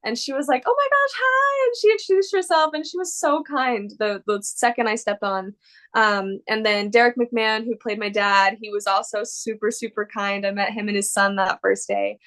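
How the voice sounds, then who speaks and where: A woman's voice: mid-range voice, fairly even intonation, normal speed, a bit bright. A woman actress answering interview questions in a casual, rambling and gushing way, full of fillers. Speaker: actress guest.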